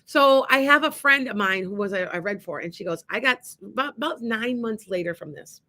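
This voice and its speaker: Middle-aged woman, radio host and medium, bright voice, lively storyteller who restarts often. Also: a little high, a little fast. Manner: animated, acts out quoted dialogue, many restarts. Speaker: psychic medium and show host. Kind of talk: casual storytelling on an internet radio show.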